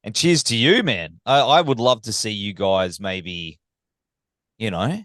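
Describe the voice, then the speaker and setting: A man with a lowish voice hosts a podcast, asking questions in an easygoing, mate-to-mate way. The sound is dry and close, with no room around it. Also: a little slow, fairly bright tone, dry recording. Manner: friendly, informal, swears casually. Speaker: podcast host. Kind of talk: casual interview chat.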